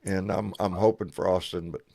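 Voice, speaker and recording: A man's voice: low voice, steady tone, brisk, vocal fry, dark tone. Folksy man hosting a stream. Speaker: host. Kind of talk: casual live-stream chat.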